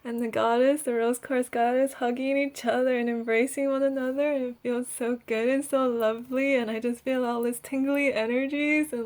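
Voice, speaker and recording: A young adult woman leading a guided healing meditation, talking softly and breathily with frequent giggles and trailing pauses. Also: fairly high pitch, steady tone. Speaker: energy healer.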